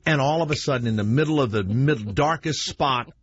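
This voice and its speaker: Radio host, male, slightly husky, animated storyteller who does the voices, muffled broadcast sound. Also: medium pitch, fairly quick, dry recording. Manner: animated anecdote teller, acts out quoted voices. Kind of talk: casual talk radio storytelling.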